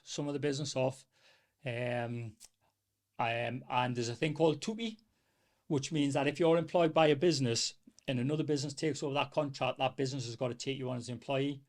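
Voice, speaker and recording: A middle-aged man with a North East English accent, telling his story in a rambling, animated way as a podcast guest. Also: mid-range voice, a little fast. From North East England. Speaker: small business owner, podcast guest. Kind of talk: casual storytelling interview.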